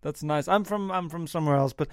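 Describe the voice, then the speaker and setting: A man hosting an improvised comedy sketch in a slightly high voice, stumbling and repeating himself in flustered stammers. He often breaks into giggles as he plays along. The recording is dry and close. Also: fast talker, no echo. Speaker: host of a comedy bit.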